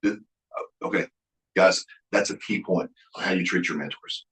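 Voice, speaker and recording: A deep-voiced middle-aged man teaches at a Bible college, folksy and earnest, stumbling into restarts as he acts out old conversations. His low voice carries around an echoey room. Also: moderate pace, fairly bright tone. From Oklahoma. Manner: folksy, earnest, with frequent restarts and quoted dialogue. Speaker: guest speaker at a Bible college. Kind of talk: sermon-like leadership lecture with storytelling.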